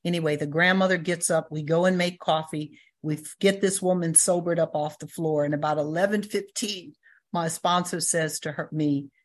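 Older woman with a low, grounded voice, sharing her recovery testimony as a lively storyteller. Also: moderate pace. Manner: storytelling, acts out quoted voices, laughs. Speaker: recovery meeting speaker. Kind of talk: personal testimony talk.

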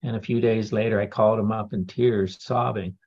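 Man, husky voice, candid testimony talk with dry humor. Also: lowish voice, steady tone, a little fast, darkish tone, lo-fi sound. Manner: candid, wry storytelling with laughs. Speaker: speaker sharing a recovery story.

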